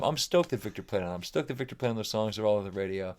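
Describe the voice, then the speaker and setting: Medium-pitched and quick, this man is a guest musician on a podcast spinning casual stories. He gets animated, acts out quotes from others, leans heavily on "like," and drops a curse now and then.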